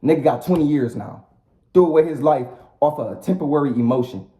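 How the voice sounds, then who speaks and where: A man's voice: fairly high pitch, a little fast, warm tone. Profane, blunt man ranting in an echoey room. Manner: blunt, profane, repetitive street talk. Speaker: vlogger. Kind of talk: casual rant to the camera. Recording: roomy echo.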